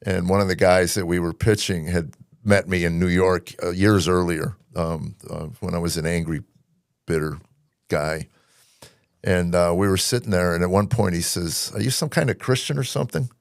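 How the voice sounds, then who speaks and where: A man's voice: deep voice, little pitch movement, moderate pace, smooth, no echo, clean studio sound. A man hosting a podcast, telling a personal story in an earnest, casual way with plenty of fillers. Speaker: podcast host. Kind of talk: casual interview chat.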